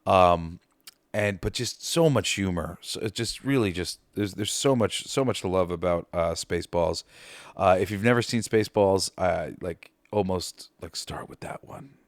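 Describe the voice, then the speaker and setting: Excitable, profane man in a dry podcast booth. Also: low voice, moderate pace, dry recording. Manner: excited, profane, laughs while retelling scenes. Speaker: podcast host. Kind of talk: casual movie ranking chat.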